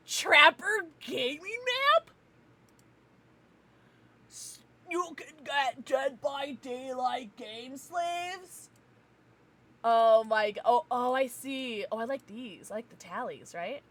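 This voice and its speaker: A young American woman streaming casually, chatting with viewers in an animated, ranting way and laughing often. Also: sits high, slow. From United States. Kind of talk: casual livestream chat with viewers.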